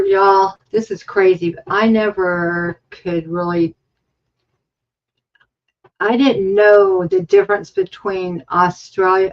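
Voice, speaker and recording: Slow, rambling woman on a livestream. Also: medium pitch, muffled recording. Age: 50s. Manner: rambling, chatty, thinks aloud while crafting. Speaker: livestream host. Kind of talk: casual livestream chat. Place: home craft studio.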